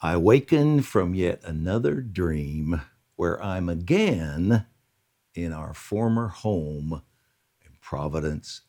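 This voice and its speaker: A man reading a prayer account aloud in a slow, earnest devotional style, lifting his voice on quoted lines. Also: deep voice, creaky, warm tone, slightly rough.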